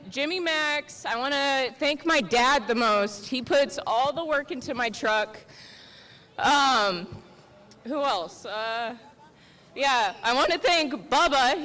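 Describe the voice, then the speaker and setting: A woman giving a post-race interview after her first win, halting and pausing as she thanks people. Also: high voice, pushed and bright. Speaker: first-time race winner.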